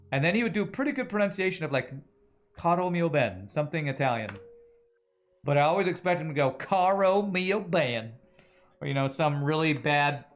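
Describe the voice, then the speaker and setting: Male streamer, mid-pitched, chatty play-by-play with faint game music underneath. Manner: chatty, rambling storytelling while playing. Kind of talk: casual gameplay commentary.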